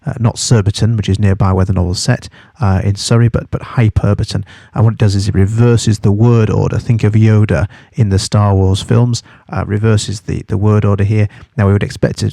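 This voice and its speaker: A man teaching as he explains a novel for a study guide, halting and thorough, spelling terms out. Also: lowish voice, flat delivery, vocal fry, mellow, no echo, studio quality.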